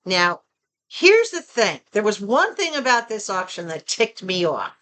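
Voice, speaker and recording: A woman with a Southern American accent chatting casually and expressively to her viewers from home. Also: unhurried. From Southern United States. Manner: chatty and expressive, rising to animated pitch when excited. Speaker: vlogger. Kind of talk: casual chat.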